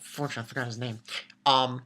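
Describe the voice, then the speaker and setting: A woman giving a casual, excitable recap of an anime episode, laughing and swearing, with many restarts. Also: rumbling low, rapid-fire. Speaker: anime reviewer.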